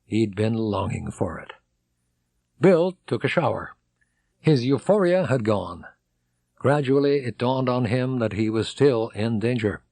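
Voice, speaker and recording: A man reading an audiobook aloud, dramatic, voicing characters and shouting their excited lines. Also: mid-range voice, a little slow, creaky, no echo. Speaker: audiobook narrator.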